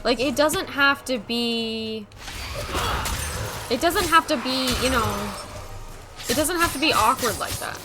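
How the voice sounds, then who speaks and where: A woman streamer with a slight New England accent, chatting casually with her chat, rambling with lots of "like" and quick laughs. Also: high-pitched, loud music behind the voice.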